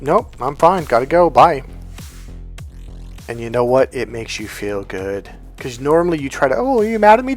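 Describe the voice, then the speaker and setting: A man who coaches on relationships, giving a blunt, emphatic vlog rant and swearing freely. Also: medium pitch.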